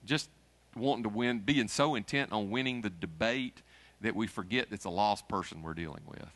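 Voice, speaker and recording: A middle-aged man delivers a sermon to his congregation. His voice is bright and forceful, and he mixes folksy jokes into the preaching before climbing to emphatic peaks. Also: on the low side, normal speed. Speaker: pastor.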